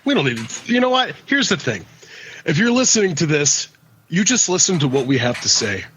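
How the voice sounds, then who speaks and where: A man's voice: on the high side, very animated, brisk, a bit bright, a little hiss or hum. A man co-hosting a podcast in casual chat, rambling and swearing, with many restarts. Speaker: podcast co-host.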